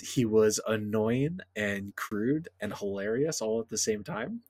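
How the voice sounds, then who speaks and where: A man's voice: fairly low pitch, measured pace, darkish tone, no echo. A man co-hosting a casual podcast chat about a fantasy show, easygoing and thinking aloud with chuckles. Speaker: podcast co-host.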